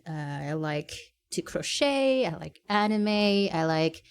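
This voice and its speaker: A woman's voice: mid-range voice, expressive, takes it slowly, clear, resonant tone. A woman from Quebec, co-hosting a casual podcast and talking hesitantly with many fillers and restarts. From Quebec, Canada. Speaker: podcast co-host. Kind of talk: casual chat.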